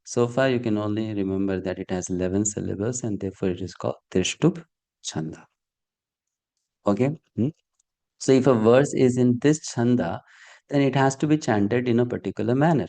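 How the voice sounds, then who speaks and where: A man's voice: medium pitch, brisk, warm tone. A man teaching a Sanskrit verse class online over a video call, patiently checking that students follow with frequent questions. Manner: patient, checks understanding with frequent "hmm?" and "okay?".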